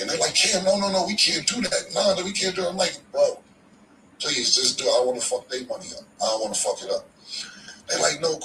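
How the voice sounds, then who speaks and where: A man's voice: medium pitch, echoey room, distant mic, background noise. A man telling a story in a casual, slangy, profane way, often repeating himself. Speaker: podcast guest telling a story.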